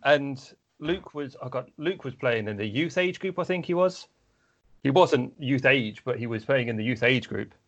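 A man's voice: medium pitch, lively intonation, moderate pace. A man telling casual sports anecdotes in a chatty storytelling way, with frequent restarts. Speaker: podcast guest or co-host, flag football player. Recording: slightly dull, lo-fi recording.

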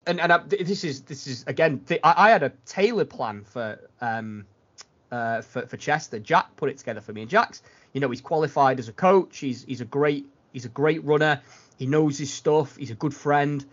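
A man's voice: fairly high pitch, moderate pace, a bit bright. A man hosting a running podcast, chatting casually and rambling with many restarts. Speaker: podcast host. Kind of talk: casual chat. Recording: dull lo-fi sound.

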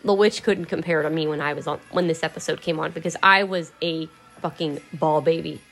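A woman's voice: low voice, fairly even intonation, fairly quick, fairly bright tone, faint music behind. A woman vlogger telling a story in a candid, rambling way, swearing and laughing now and then. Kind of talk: casual emotional storytelling.

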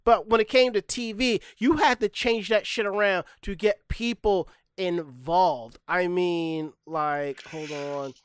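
Man, mid-pitched voice, dry close sound, blunt casual talk. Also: steady tone, slow, hardly any pauses, smooth, no room sound. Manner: blunt, profane, opinionated. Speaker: podcast co-host. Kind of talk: casual chat.

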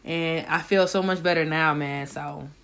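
A woman's voice: sits low, steady tone, measured pace, a bit bright, clear, resonant tone. A young adult woman hosting her own podcast, talking casually in a loose, profane, slang-heavy way, as if at home. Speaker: podcast host. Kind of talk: casual solo podcast chat.

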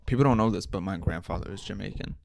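A man's voice: deep voice, fast talker, creaky, dry recording, studio quality. Slangy, laughing young man on a podcast. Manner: profane, slangy storytelling with frequent laughs. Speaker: podcast host. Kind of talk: casual solo podcast chat.

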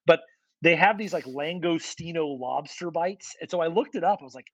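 A man from the United States co-hosting a comedy podcast, chatty and quick to laugh as he riffs on tangents. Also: a little high, dry recording, low-quality recording. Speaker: podcast co-host. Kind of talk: casual comedic chat.

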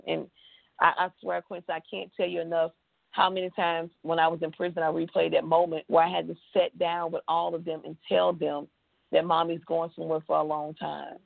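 A woman's voice: deep voice, gravelly, dry recording. A woman with a Texan accent, an interview guest, telling her story with feeling and acted-out quotes. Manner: emotional, tells it with acted-out quotes. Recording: tinny phone line.

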